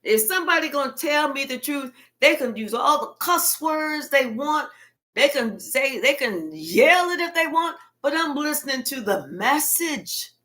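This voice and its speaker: A woman giving a casual tarot reading in her own voice. She talks bluntly and colloquially and swears often. Her voice sits a little above average in pitch. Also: animated, a little slow, a bit bright. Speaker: tarot reader.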